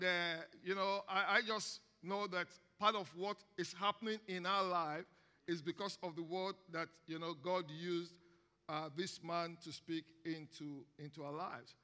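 A man with a Nigerian accent preaching a lively sermon as guest preacher, calling on the congregation to repeat after him. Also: high-pitched. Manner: energetic, call-and-response with congregation. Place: large church hall. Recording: long reverb of a large hall.

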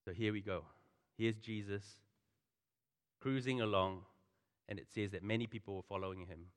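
A pastor giving a sermon in a conversational, animated way, full of asides and storytelling. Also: male voice, on the low side, moderate pace, clear, resonant tone. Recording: long hall reverb.

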